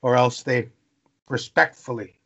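Gravelly man telling forest stories. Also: medium pitch, a little slow, muffled recording. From Canada. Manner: animated storyteller, piles up long lists. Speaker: podcast guest. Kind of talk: storytelling interview.

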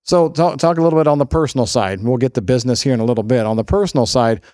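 A man's voice: medium pitch, rapid-fire, darkish tone, no room sound. A man hosts a podcast interview, steering the talk with loose, restarting questions. His mid-range voice is recorded dry and close. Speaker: podcast host.

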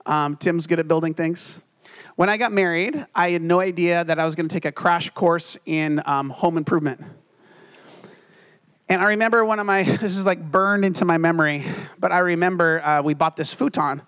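A young man with a fairly high voice delivers a sermon to his congregation. He mixes earnest preaching with self-deprecating stories from home life, moving between warm reflection and humour. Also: normal speed. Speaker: pastor.

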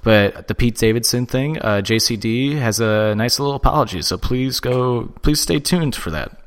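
A man's voice: mid-range voice, normal speed. A man hosting a wrestling podcast, chatting casually with his co-host, joking and laughing loosely.

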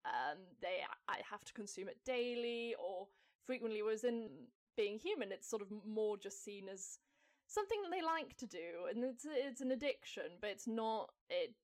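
A woman chats casually as a podcast guest, full of enthusiasm. Her voice sits fairly high, and she breaks into laughter often. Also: lively intonation, normal speed. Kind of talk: casual fan podcast chat.

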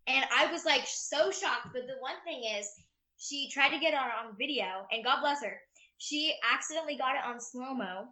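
A bubbly actress chats in an interview, gushing and full of filler words. Her voice is fairly high and very bright, with a ringing edge. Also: moderate pace. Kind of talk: casual interview chat.

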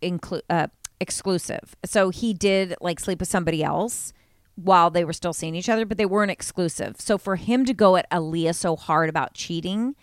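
A woman co-hosting a podcast in casual gossip chat, animated and swearing freely. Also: on the low side, moderate pace, dry recording, studio quality. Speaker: podcast co-host.

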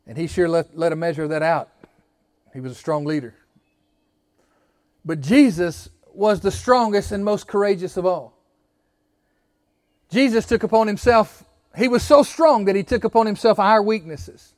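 A man's voice: high voice, animated, normal speed, long pauses, a little mellow, no room sound, studio quality. A man preaching a sermon as pastor, building emphasis and leading the congregation in call-and-response.

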